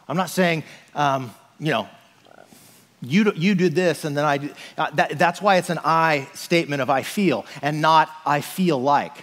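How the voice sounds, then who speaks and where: Man preaching in a reverberant church. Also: high voice. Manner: conversational, frequent "like" and "right?". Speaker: pastor. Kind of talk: sermon.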